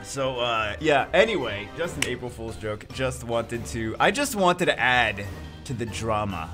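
A man's voice: medium pitch, animated, measured pace, over music. A man hosting a casual gaming vlog, talking animatedly and swinging from mock outrage to laughter. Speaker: gaming channel host.

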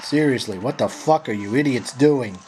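A man's voice: medium pitch, moderate pace, a little mellow, a little hiss or hum. Frustrated man swearing through gameplay. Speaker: gameplay commentator. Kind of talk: profane live gameplay commentary.

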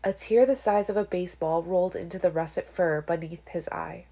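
Low-voiced woman reading a novel. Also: a little fast, creaky, dark tone. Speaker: audiobook reader.

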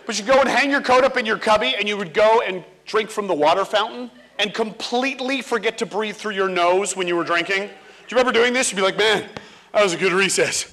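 A man giving a comic talk on stage, acting out children and teachers in an animated way. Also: sits high, quick pace. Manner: animated, acts out kids and teachers. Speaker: speaker.

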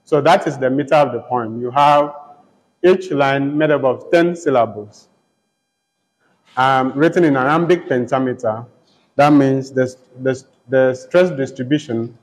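A man lecturing a class on poetry, speaking deliberately and counting syllables aloud. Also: medium pitch. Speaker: literature lecturer. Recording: long hall reverb.

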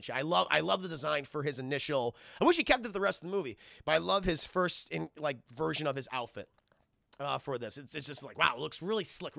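Young male streamer, casual and rambling, gravelly bright voice, close dry mic. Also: a little high, dry recording. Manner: animated, rambling, swears, acts out quotes. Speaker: streamer reviewing a film. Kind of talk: casual livestream chat.

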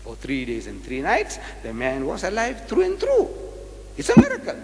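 A man's voice: mid-range voice, wildly swooping pitch, normal speed, vocal fry, slight background noise. A man from Africa, giving a religious debate lecture, dramatic and rhetorical, firing questions at the audience and acting out debates. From South Africa. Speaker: public lecturer. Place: large lecture hall. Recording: live hall recording with long reverb.

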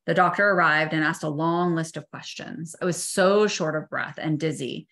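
A middle-aged woman with a low voice reads her own memoir aloud. She keeps a measured, soft pace and slows down for tender passages, like a therapist telling her own story. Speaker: therapist reading her own book chapter. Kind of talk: personal memoir reading.

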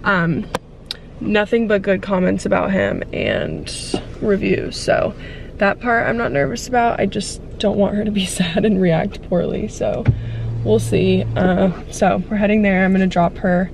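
A young woman in her twenties vlogs to her phone camera, chatty and a little emotional, slipping in soft teary asides. Her medium-pitched voice is gravelly and measured. She records first in a car and then at home in bed, with slight background noise.

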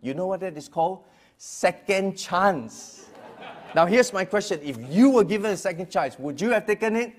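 A middle-aged pastor from Singapore shares his personal testimony as a story, sinking to a hush and then rising loud and lively, often repeating words. His voice is high, and he talks quickly with hardly any pauses.

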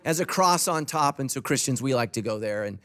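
A man's voice: medium pitch, lively intonation, brisk, fairly bright tone. A middle-aged man preaching a sermon as pastor, conversational and joking, acting out quoted voices. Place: church auditorium.

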